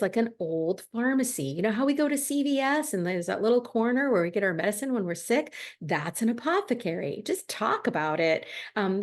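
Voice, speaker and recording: A friendly woman reading teacher chats to camera about books and kids. Her voice sits at an ordinary middle pitch. She talks loosely, with plenty of ums and restarts. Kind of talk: casual advice talk to camera.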